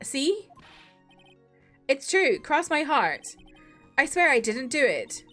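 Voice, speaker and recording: A flustered young man on trial in a courtroom video game, as a woman voices him, stammering and pleading. His voice jumps high and swings around wildly. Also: very animated, slow pace, fairly bright tone, faint music behind, exaggerated voice. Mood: panicked. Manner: stammering, pleading, raised pitch. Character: nervous young male defendant, flustered and stammering. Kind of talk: voicing a video game character.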